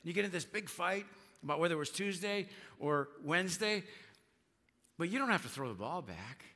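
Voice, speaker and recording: Bright-voiced man preaching in a big hall. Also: sits high, animated, normal speed. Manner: conversational preaching, acts out quotes with voices. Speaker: pastor. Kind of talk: sermon.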